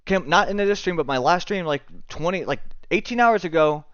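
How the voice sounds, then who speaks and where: A man's voice: high-pitched, expressive, a little fast, a bit bright, clear, resonant tone, dry recording, muffled recording. Frustrated muttering male chess streamer. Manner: frustrated muttering and swearing at the game. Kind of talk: live gaming commentary.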